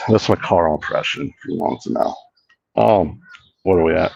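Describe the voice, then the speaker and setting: A man's voice: low-pitched, moderate pace, gravelly, a little mellow, husky, dull audio. A man hosting a casual walk-and-talk vlog outdoors, rambling, swearing a lot and mocking himself. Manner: rambling, profane, self-mocking. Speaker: host. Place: outdoor park.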